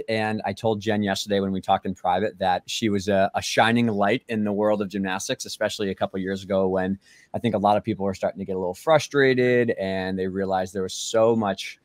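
A man with a lowish voice hosts a casual podcast interview over a video call. He sounds upbeat and talkative, laughing easily and using loose fillers. The sound is close and dry. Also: no echo. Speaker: podcast host.

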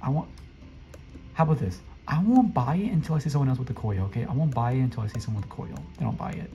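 A man commenting casually on his gameplay, excitable and flustered, often talking to the other players. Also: mid-range voice, quick pace, lo-fi sound. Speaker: gameplay streamer. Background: faint game music.

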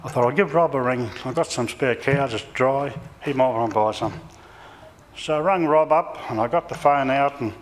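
A man's voice: medium pitch, moderate pace. An older Australian man, a cattle farmer and lay preacher, giving a sermon with rambling, homespun stories and frequent self-corrections. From Central Queensland, Australia. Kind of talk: sermon with folksy personal stories. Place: church. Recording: church reverb, faint background noise.

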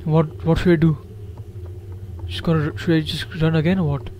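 A man's voice: fairly high pitch, little pitch movement, moderate pace, a little mellow, a little hiss or hum. Jittery man nervously narrating a horror game. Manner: jittery, repeats himself, talks to viewers. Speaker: gameplay commentator.

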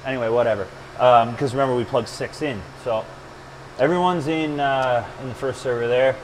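The audio is poor, with a bit of hiss or hum, as a man of medium pitch talks at normal speed. He's walking through a storage build in a server lab, casual and jokey, drifting into tangents between steps.

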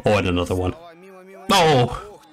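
A man's voice: low-pitched, big pitch swings, measured pace, a bit bright. A young man giving a casual play-by-play reaction, rambling and joking with frequent exclamations. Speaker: reaction commentator.

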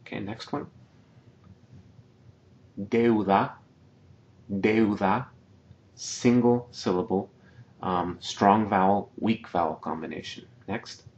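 A man teaching a slide-based video lesson, patiently explaining and repeating each example word slowly. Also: low voice, a little mellow, dull audio. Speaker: Spanish teacher.

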